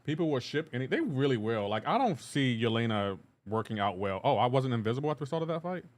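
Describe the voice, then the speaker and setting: A man's voice: medium pitch, very animated, fast talker. Laid-back man chatting on a game stream. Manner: laid-back, reads chat messages aloud and answers them; rambling with frequent restarts and asides to gameplay. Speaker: live streamer. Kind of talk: casual gaming livestream chat.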